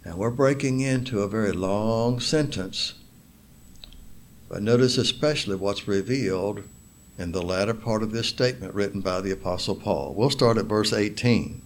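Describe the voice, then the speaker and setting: A man preaching a sermon in a slow, deliberate way, stressing single words and reading scripture aloud. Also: lowish voice. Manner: reads scripture aloud in King James wording.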